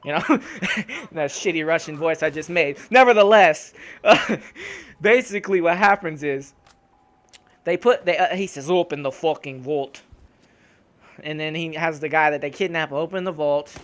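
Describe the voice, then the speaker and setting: A young man ranting casually and profanely over gameplay footage, with laughs and animated outbursts. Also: fairly high pitch, moderate pace. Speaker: gaming YouTuber.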